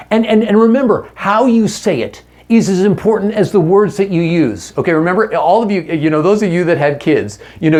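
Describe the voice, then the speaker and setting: A man teaching a marriage seminar to a live audience, earnest and coaching, who drops his voice soft and low when he acts out an apology.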